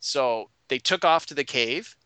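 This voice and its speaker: A man who is a game master, recapping a tabletop session in animated casual chat. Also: medium pitch, measured pace, clean tone, no room sound.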